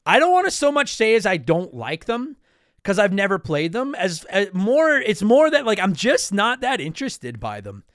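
A young man from Canada chats through listener questions in a high, lively voice that jumps all over the place. He rambles, restarts his sentences and apologizes often. The sound is close and dry, with no room around it. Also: moderate pace, no echo. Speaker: podcast host answering listener mail. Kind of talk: casual chat.

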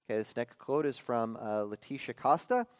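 A man in his thirties preaching a sermon as a pastor, often checking in with the listeners with quick rhetorical "okay?" and "right?". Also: medium pitch, clear, resonant tone, no echo, studio quality.

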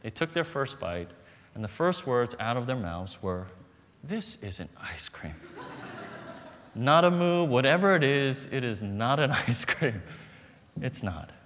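Male pastor, mid pitch, preaching with humorous storytelling and well-timed pauses, long hall reverb. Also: big pitch swings, a bit bright, a little hiss or hum. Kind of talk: sermon.

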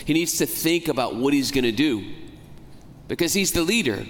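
A man's voice: fairly high pitch, animated. Priest guy giving a sermon, talks like he's chatting, drags out the key words, big echoey church. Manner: conversational, asks the congregation questions; slows down and stretches key words for emphasis. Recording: long church reverb, faint ambience.

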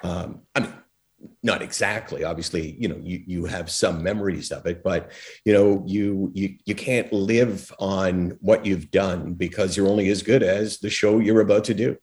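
A former talk show host telling lively stories as a podcast guest, acting out quotes and using lots of fillers. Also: male voice, sits low, moderate pace. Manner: animated storyteller, acts out quotes, frequent fillers. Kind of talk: storytelling in a podcast interview.

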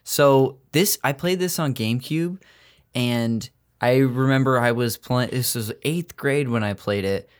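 A man chatting casually on a podcast panel, relaxed and storytelling with fillers. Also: medium pitch, unhurried, smooth. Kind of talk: casual chat.

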